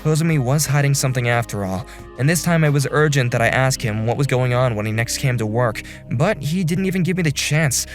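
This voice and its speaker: A young man voicing an earnest office section chief who narrates and talks in a calm, apologetic way in an animated drama. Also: mid-range voice, fairly quick, faint music behind, close to an everyday voice. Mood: narrating.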